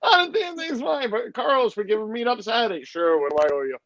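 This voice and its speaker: A man's voice: very high voice, lively intonation, quick pace, lo-fi sound, crowd noise. A middle-aged man hosting a livestream, rambling and joking as he greets his chat. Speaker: livestream host. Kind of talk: casual chat with a live audience.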